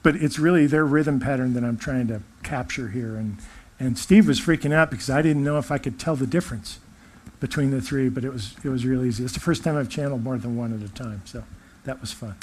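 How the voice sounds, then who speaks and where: A man's voice: medium pitch, brisk, slight background noise. A man channeler talking casually to his audience in a chatty, laughing, self-deprecating way.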